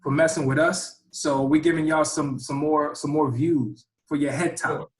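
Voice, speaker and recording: High-voiced man, playful podcast co-host. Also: steady tone, moderate pace. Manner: playful, teasing banter. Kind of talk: casual chat. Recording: echoey room.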